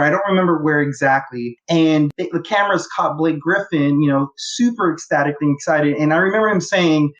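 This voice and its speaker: A man in his thirties from Los Angeles, talking as a podcast guest in an eager, rambling way with many fillers and restarts. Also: a little high. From Los Angeles, USA. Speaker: guest, fan. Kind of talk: casual podcast interview. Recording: dull lo-fi audio.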